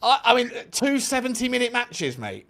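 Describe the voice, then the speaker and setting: A man's voice: extremely high pitch, huge pitch swings, moderate pace, gravelly, a bit bright. A man hosting a football fan show, chatting casually in an exasperated, joking way with some swearing. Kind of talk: casual chat.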